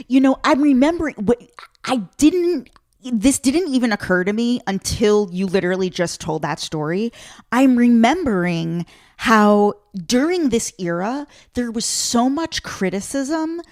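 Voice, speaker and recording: Brief: woman podcast host, slightly high voice, quick eager questions. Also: lively intonation, a little mellow. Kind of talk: interview conversation.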